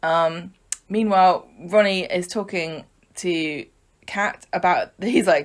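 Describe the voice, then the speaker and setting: A woman with a fairly low voice talks through a soap's plot in a relaxed, chatty way. She jokes along as she goes and leans on plenty of fillers. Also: slow. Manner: chatty and joking, with fillers and laughs. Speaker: podcast co-host. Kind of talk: casual soap opera recap.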